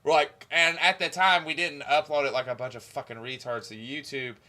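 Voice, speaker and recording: A young man with a slightly higher voice chats loosely on a livestream. He rambles, swears freely and reminisces about old homemade videos. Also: steady tone, brisk, pushed and bright. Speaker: stream co-host. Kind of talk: casual stream chat.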